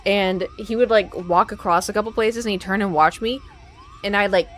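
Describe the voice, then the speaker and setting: A woman's voice: mid-range voice, normal speed. A young woman streaming a game, chatting casually and telling stories, acting out quoted lines with energy. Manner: chatty, animated, acts out quotes. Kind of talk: casual storytelling while gaming.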